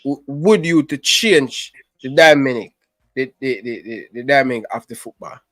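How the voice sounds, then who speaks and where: A man's voice: mid-range voice, normal speed, fairly bright tone, no room sound. A man with a Jamaican accent talking football as a guest, using patois grammar and hesitating often. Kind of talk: casual chat.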